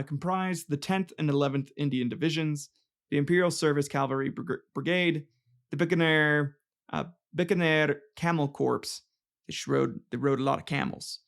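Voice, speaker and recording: A man's voice: fairly high pitch, gravelly, fairly bright tone. A man hosting a casual comedic history podcast, rambling and joking, swearing and tripping over names. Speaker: podcast host.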